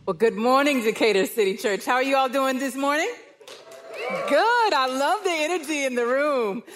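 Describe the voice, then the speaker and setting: A woman grandmother giving a sermon to a live church audience. Her voice sits a little high, and she brings her stories alive by acting out what family members said. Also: moderate pace, faint music behind. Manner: warm storytelling, animated quoting of others. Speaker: guest speaker, church care director.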